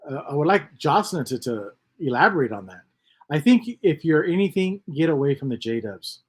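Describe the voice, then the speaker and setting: A man's voice: fairly high pitch, sing-song, moderate pace, husky. A man hosting a casual livestream, reading chat comments aloud and rambling on with lots of repeats and mutters.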